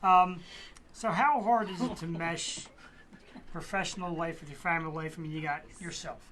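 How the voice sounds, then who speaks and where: A man hosting a casual studio talk show, excitedly asking his guest rambling questions. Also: a little high, normal speed. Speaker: host. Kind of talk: casual interview chat.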